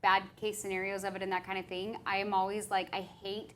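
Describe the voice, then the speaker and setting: A woman's voice: mid-range voice, flat delivery, fairly quick, fairly bright tone, a little hiss or hum. A woman hosting a podcast who talks in a reflective, agreeable way, often saying "right" and "like.". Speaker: podcast host. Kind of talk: casual podcast chat.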